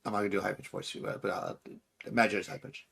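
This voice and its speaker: Gravelly, husky game master. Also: male voice, on the low side, steady tone, racing, fairly bright tone. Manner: rambling, full of fillers and restarts. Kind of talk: narrating a tabletop game.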